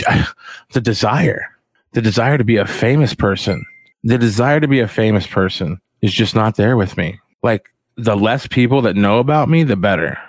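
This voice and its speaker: A man's voice: lowish voice, no echo. A man hosting a casual livestream chat, rambling in a profane, slangy, self-mocking way. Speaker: podcast host.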